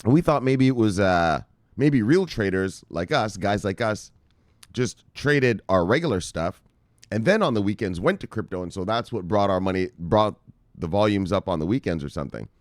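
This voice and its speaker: Male host for casual market commentary: low-pitched, dry close mic, loose and profane. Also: moderate pace, dry recording. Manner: profane, excitable, laughs often. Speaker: crypto news show host.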